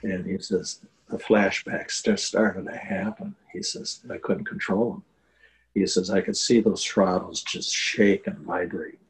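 A man's voice: sits low, steady tone, unhurried, rough recording. An older man telling an emotional story in a casual interview, earnest and full of fillers. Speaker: guest telling a war veteran story.

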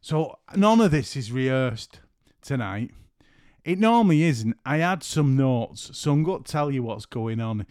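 A man's voice: mid-range voice, expressive, measured pace, darkish tone, dry recording, clean studio sound. A middle-aged man hosting a casual solo podcast from home, rambling and joking as he keeps breaking off mid-sentence. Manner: rambling, jokey, keeps interrupting himself. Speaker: podcast host and photographer. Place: at home after work.

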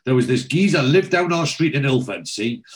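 A man's voice: mid-range voice, lively intonation, moderate pace, natural voice. A man voicing a flashy middle-aged London crook with a London accent, chummy and persuasive. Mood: wheeling-dealing.

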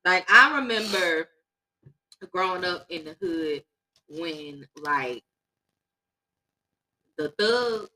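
Blunt, bright-voiced woman telling stories. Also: on the low side, lively intonation, drawn-out words, pauses often. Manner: blunt, profane storytelling. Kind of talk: casual chat.

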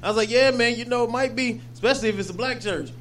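High-voiced man, laughing storyteller. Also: fast, a bit bright, slight background noise. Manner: laughs often, rambling. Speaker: podcast co-host. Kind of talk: casual storytelling chat.

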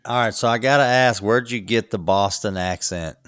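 A man's voice: on the low side, normal speed, fairly bright tone, smooth, no room sound, studio quality. A man hosting a casual chat at a dining table, asking curious questions and laughing easily. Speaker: host. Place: family dining table, indoors.

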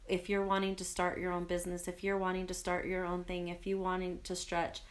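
Podcast co-host: young woman, lower-pitched, earnest and reflective, casual chat. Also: monotone, brisk. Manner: earnest, reflective, speaks of spirit and purpose.

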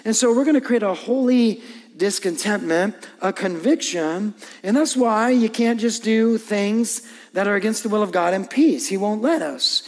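High-voiced preacher in a reverberant hall. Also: male voice, normal speed. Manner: conversational preaching with acted inner voices. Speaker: pastor. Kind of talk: sermon.

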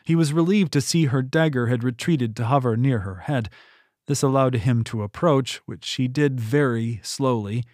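A man reading a novel aloud in steady, scripted audiobook narration on a close mic. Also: medium pitch, moderate pace, dry recording. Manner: steady storytelling delivery.

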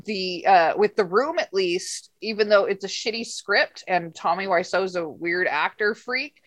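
A woman with a mid-range voice hosts a podcast, reviewing a bad film in an unhurried, casual way. Her rant is profane and rambling, told as exasperated storytelling.

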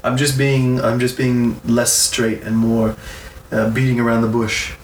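A man's voice: medium pitch, level tone, a little slow, creaky. Understated man heard from an echoey distance. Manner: dry, understated. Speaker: podcast co-host. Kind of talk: casual podcast chat. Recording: distant echoey mic with background noise.

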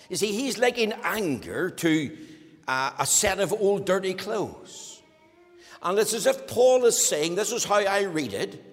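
A man's voice: high voice, sing-song, unhurried, long reverb tail. A man preaching a sermon as the pastor, speaking with strong emphasis and acting out the complaints of his listeners. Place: church.

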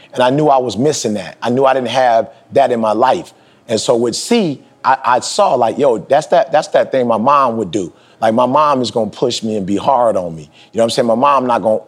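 Podcast host, man in his forties: husky, fired-up motivational speaker, street slang, climbs high when he hammers a point. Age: 40s. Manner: emphatic, preachy, slangy street talk, pitch jumps high for emphasis. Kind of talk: motivational talk.

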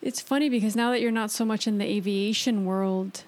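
A woman's voice: mid-range voice, fairly even intonation, fairly quick, darkish tone. A woman co-hosting a podcast, adding short supportive remarks in casual chat. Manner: brief supportive interjections. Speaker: podcast co-host.

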